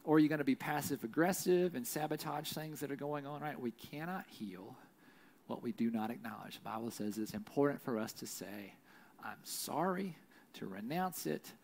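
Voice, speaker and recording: A middle-aged man preaching a sermon in a conversational way, often adding "right?" and slowing to a hush on key lines. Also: mid-range voice, vocal fry. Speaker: pastor.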